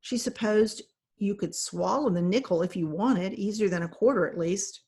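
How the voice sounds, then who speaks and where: A woman reads a children's novel aloud, narrating in steady, even storytelling. Her voice sits at a middling pitch. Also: moderate pace. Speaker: reader.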